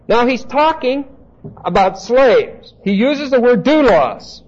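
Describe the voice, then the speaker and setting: A male preacher with an extremely high pitch speaks in a very animated yet unhurried way, teaching a Bible sermon insistently and emphatically and turning to listeners with asides. The recording is dull, lo-fi tape.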